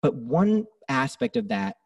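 A man speaking as a podcast guest, telling his story in a casual, animated way, swearing freely and acting out his own thoughts. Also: sits high, measured pace, creaky, husky, dry recording, distant mic.

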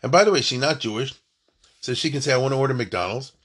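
A man teaching Jewish law in a lively lesson, reading from a text and explaining it with jokes and rhetorical questions. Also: fast talker, slight background noise. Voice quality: husky. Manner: joking, rhetorical questions, big swings in pitch and loudness.

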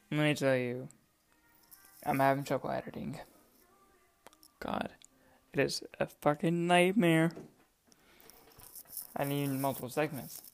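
Profane, excitable young woman hosting. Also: deep voice. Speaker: podcast host. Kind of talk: casual chat. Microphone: desk microphone.

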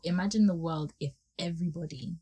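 A woman co-hosting a casual faith discussion, talking fast and with emphasis. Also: fairly low pitch, dark tone, breathy edge. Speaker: podcast co-host.

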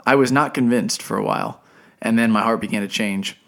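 A young man co-hosting a podcast tells a personal story in casual chat, animatedly acting out the people he quotes. His voice is lowish with vocal fry, and he speaks fairly quickly.

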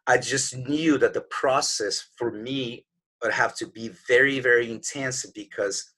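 An earnest man in his forties talks as a podcast guest, with a husky, slightly breathy voice at an ordinary middle pitch. He tells a motivational story conversationally and slips into his own doubting inner voice to act it out. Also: steady tone, measured pace, sharp tone. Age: 40s.

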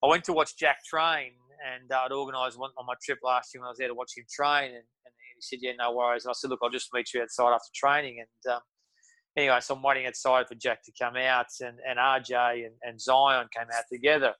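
A man's voice: medium pitch, little pitch movement, fast talker, pushed and bright, no echo, rough recording. A man with an Australian accent telling stories as a podcast guest, rambling with lots of restarts and fillers. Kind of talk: casual storytelling.

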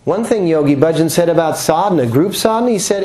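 A man's voice: fairly high pitch, quick pace. Chatty man teaching a yoga class. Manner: relaxed, chatty, joking, with rhetorical questions. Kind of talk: talk at the start of a yoga class. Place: yoga class room full of people.

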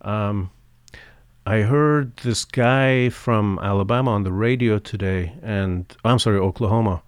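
Man, podcast co-host, casual chat, halting and filler-heavy, lowish voice, dry close sound. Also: clean tone, dry recording. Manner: hesitant, halting, full of fillers.

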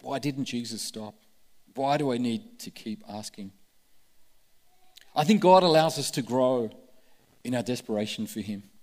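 A man's voice: mid-range voice, a little slow, pauses often, darkish tone. A man preaching a sermon with passion, acting out the voices he quotes. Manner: impassioned, acts out quoted voices. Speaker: pastor. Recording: long hall reverb.

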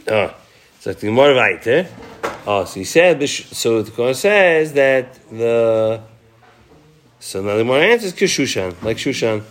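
A man leads a relaxed Talmud class. He quotes passages in Aramaic and Hebrew, then explains them in easygoing, conversational English. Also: medium pitch, moderate pace. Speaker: Talmud teacher.

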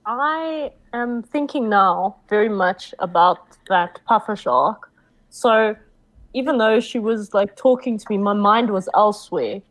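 A woman describing her character's actions in a tabletop game, measured and explanatory. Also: mid-range voice, fairly bright tone, rough recording. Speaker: player.

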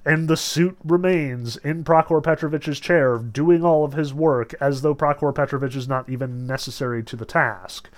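Male lecturer, casual and chatty, slightly higher pitch, walks listeners through a novel. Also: normal speed, hardly any pauses. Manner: chatty, lots of "like" and "you know", amused asides. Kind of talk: casual book discussion with read-aloud passages.

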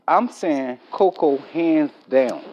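A man's voice: on the high side, slow pace, dull audio. Sex: man. Role: slangy, boastful podcast host. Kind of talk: casual solo podcast monologue. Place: at work while recording.

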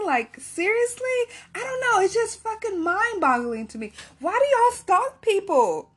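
A woman's voice: very high voice, very animated, measured pace, hardly any pauses, fairly bright tone. A woman telling a personal story to her viewers in a casual, rambling way, swearing freely and filling her talk with "like" and "right?". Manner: candid, profane, rambling with many fillers.

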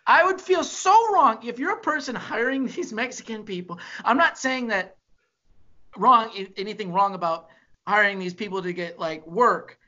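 A man's voice: high-pitched, muffled recording. A man co-hosting a casual comedy podcast, telling profane stories and acting out the people in them. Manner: animated storyteller, acts out people in quick voices, profane.

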